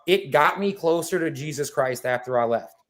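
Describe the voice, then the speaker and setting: A man in casual conversation on a remote call, telling a long story in a lively, rambling way, full of fillers and swearing. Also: a little high, normal speed. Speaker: guest. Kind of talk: casual podcast chat. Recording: video call audio.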